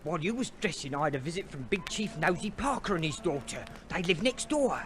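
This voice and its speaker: An actor playing a brash young fixer in an old radio play, cheeky and fast-talking with plenty of slang. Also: male voice, on the high side, very animated, fairly bright tone, slight background noise. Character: brash young Cockney fixer, bossy and breezy. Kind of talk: 1950s radio play acting.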